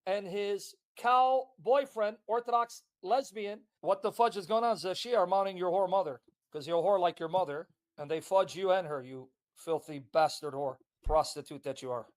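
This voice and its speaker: A man's voice: sits high, moderate pace, few pauses. A man delivering a hostile, insulting tirade on a livestream. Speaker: online commentator. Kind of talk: livestream rant.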